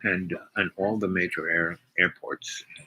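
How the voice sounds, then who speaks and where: A man voicing a polite, businesslike male federal agent who asks calm, matter-of-fact questions. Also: low voice, normal speed, slightly rough, exaggerated voice. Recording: noisy recording with clicks.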